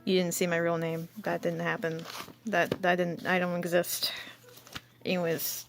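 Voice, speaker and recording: A woman's voice: on the low side, monotone, normal speed, creaky, soft background music. A woman hosting her channel, reading through an old comic in casual commentary, rambling and giggling at herself. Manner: rambling, giggly, self-mocking. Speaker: channel host.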